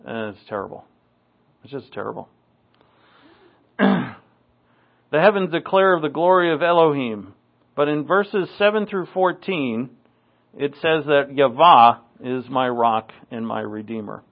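A man's voice: fairly high pitch, slow pace, pauses often. A man from New England preaching a Bible teaching sermon in a conversational, wry way, with asides and dry jokes. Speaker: pastor. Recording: tinny phone-like recording.

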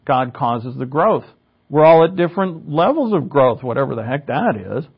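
A man's voice: medium pitch, big pitch swings, moderate pace, creaky, breathy edge. Man preaching a teaching sermon, lo-fi. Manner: teaching, explains Greek words, asks rhetorical questions. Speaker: pastor.

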